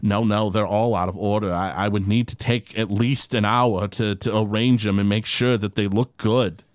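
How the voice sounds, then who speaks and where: A man's voice: fairly low pitch, fairly even intonation, normal speed, smooth, dry recording, natural voice. Man doing a jittery stammering gnome. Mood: fretful. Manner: stammering, anxious, superstitious. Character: nervous fussy male gnome shoemaker.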